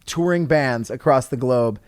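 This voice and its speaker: A man's voice: mid-range voice, measured pace, clean tone, dry recording, clean studio sound. Joking, sarcastic male podcast guest. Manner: joking, sarcastic riffing, swears. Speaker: podcast guest, tour stage manager. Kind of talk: casual chat.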